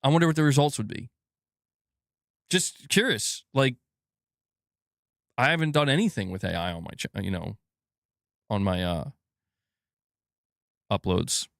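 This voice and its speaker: A man's voice: medium pitch, measured pace, vocal fry, pauses often, fairly bright tone, dry recording, clean studio sound. A man hosting a casual gaming news live stream, rambling and swearing as he reads viewer comments aloud.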